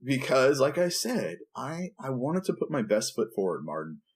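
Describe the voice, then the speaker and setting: Male preacher co-host, casual, animated storyteller, expressive rising and falling pitch. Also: normal speed, husky. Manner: animated, playful storyteller acting out dialogue.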